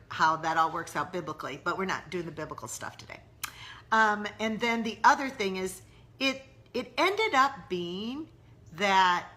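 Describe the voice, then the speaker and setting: A middle-aged woman talks earnestly on a live stream, her voice bright and forward though sitting a little low in pitch. She answers viewer questions in a candid, chatty way and reacts to comments as they come in. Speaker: host of a live mom-mentoring broadcast. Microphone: live-stream webcam or phone.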